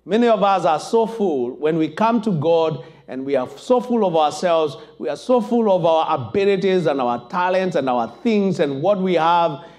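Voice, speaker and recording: A man preaching a sermon as pastor, impassioned and building to shouted emphasis. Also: a little high, lively intonation, moderate pace, few pauses.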